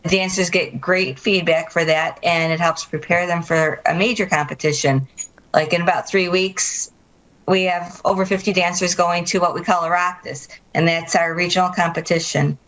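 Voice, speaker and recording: A woman's voice: fairly low pitch, steady tone, normal speed, fairly bright tone, low-quality recording. A woman guest on a local TV interview, explaining things in a friendly, casual way. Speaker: guest, dance school representative.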